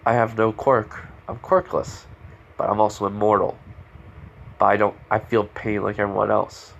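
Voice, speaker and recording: A man voicing a blunt, bitter teenage hero in training, lecturing in a low-key way in a fan story reading. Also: level tone, normal speed, creaky, a bit bright, lo-fi sound.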